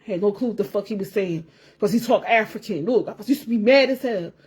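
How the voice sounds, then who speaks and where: This woman vlogger's voice is mid-range, husky and a little mellow, and she talks a little fast. In her casual chat to camera, she drifts and repeats herself, swears without holding back and laughs as she goes.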